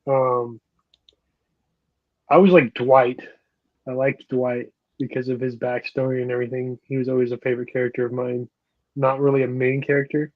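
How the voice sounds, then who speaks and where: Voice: medium pitch, level tone, moderate pace, no room sound. A co-host on a live stream, chatting in a laid-back, hesitant way and searching for words. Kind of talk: casual chat. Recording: dry, dull lo-fi stream audio.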